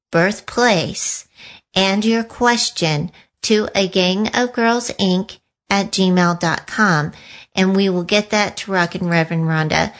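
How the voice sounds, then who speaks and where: Slow-talking woman radio host. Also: medium pitch. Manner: chatty, relaxed announcing. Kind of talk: casual radio hosting.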